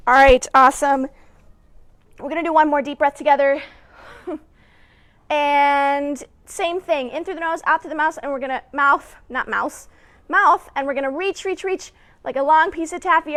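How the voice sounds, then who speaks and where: A woman with a high, fairly bright voice hosts a children's story time, leading movement exercises in a playful, encouraging way. Speaking straight to young kids, she hums little sound effects and laughs between cues.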